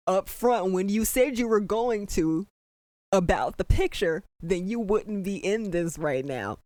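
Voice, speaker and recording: A reaction commentator at home at night, talking in animated, disbelieving exclamations while trying to keep the voice down. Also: mid-range voice, unhurried, no room sound. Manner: holding the voice down at night. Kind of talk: excited first-watch reaction commentary.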